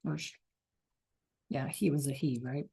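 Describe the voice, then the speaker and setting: Slow, encouraging woman teaching Spanish. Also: extremely low pitch, fairly even intonation, vocal fry, dark tone, breathy edge. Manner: encouraging, repeats praise and checks understanding. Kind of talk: classroom teaching.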